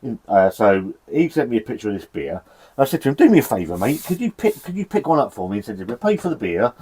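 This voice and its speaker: Husky-voiced English man reviewing beer. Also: medium pitch, big pitch swings, fast talker, warm tone. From England. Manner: chatty, sweary, rambling with self-deprecating laughs. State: shivering from the cold. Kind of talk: casual beer review vlog. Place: cold outdoor shed.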